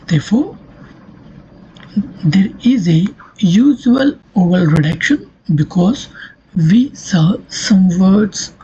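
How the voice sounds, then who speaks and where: A very husky, breathy lecturer who talks slowly and goes over each point step by step. The tone is dark and mellow. The recording sounds dull and lo-fi. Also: medium pitch. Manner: slow, repetitive, step-by-step explaining. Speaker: linguistics lecturer.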